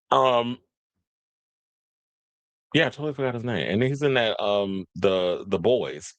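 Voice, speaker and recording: Rambling, slangy man with a low voice. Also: no echo. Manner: rambling, slangy, loses his train of thought; talks to viewers and live chat. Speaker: entertainment news host. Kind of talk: casual commentary, reading news aloud.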